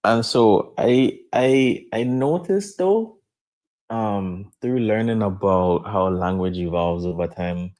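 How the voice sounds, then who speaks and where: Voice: low voice, lively intonation, slow, darkish tone. A speaker casually explaining ideas on how language changes, in a thoughtful way. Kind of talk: casual chat.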